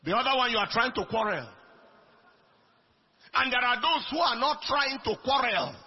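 A man preaching a sermon in an emphatic way, swinging between soft lines and shouted ones. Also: extremely high pitch, animated, normal speed. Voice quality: raspy, gravelly. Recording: dull lo-fi recording.

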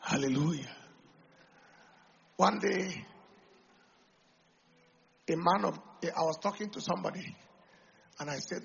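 A Nigerian man preaching a sermon as pastor, who swings from loud, fervent preaching to quiet, confiding talk and slips into Pidgin. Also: high voice, slow, gravelly, long pauses, lo-fi sound, slight background noise.

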